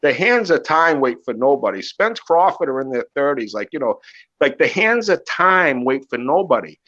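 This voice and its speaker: A man's voice: medium pitch, sing-song, moderate pace, bright, forceful tone. Rambling, profane man on lo-fi audio. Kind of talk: casual chat. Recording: muffled lo-fi audio.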